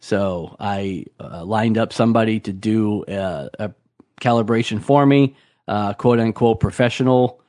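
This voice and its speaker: A man co-hosting a casual podcast, relaxed and a bit hesitant as he explains things. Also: on the low side, measured pace. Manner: relaxed, hesitant, lots of ums and restarts. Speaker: podcast co-host. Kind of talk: casual chat.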